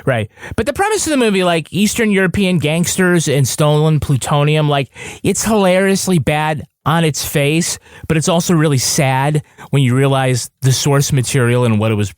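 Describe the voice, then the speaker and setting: A man's voice: a little high, expressive, moderate pace, hardly any pauses, dry recording. A man co-hosting a podcast, chatting casually with wry jokes. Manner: wry and joking. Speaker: podcast co-host.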